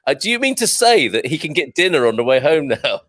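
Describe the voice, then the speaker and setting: A man's voice: a little high, very animated, fairly bright tone, no echo, clean studio sound. An English man co-hosting a casual chat show over a video call, jokey and teasing. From England. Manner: jokey, teasing, quick to laugh. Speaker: co-host.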